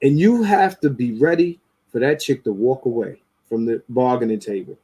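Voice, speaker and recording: Male podcast host, mellow tone, casual and profane, animated. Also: medium pitch, moderate pace, husky. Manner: animated, profane, rising into mocking quotes. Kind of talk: casual opinionated talk.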